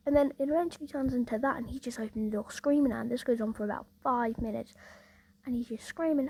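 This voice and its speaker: A woman tells a story in a loose, rambling way, leaning on "like" and "obviously". Her voice is husky and sits a little high, with a gravelly edge. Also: fast talker, warm tone, rough recording. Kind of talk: casual storytelling.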